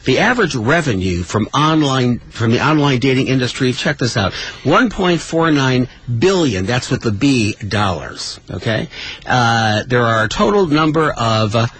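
A man's voice: medium pitch, animated, moderate pace, a bit bright, slightly rough, low-quality recording. A middle-aged man co-hosting a radio show, playful and teasing in casual chat. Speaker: radio co-host.

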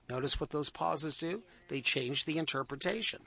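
Husky-voiced man hosting a talk show. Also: fairly high pitch, dry recording. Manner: expressive, plays with pauses and emphasis. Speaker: show host. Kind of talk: radio talk show chat with storytelling tips.

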